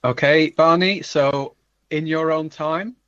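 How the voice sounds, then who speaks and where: A man hosting a casual quiz among friends, brisk and teasing, over an online call. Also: a little high, fairly even intonation, fairly bright tone, dry recording. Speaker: podcast host, quizmaster. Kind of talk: casual chat. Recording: dull online call audio.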